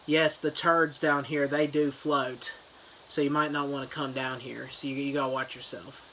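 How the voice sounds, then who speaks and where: A man's voice: medium pitch, little pitch movement, normal speed, a bit bright, a little hiss or hum, lightly acted, rough recording. A man voicing a crude male clown lurking in a sewer, with a drawling, offhand delivery. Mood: taunting.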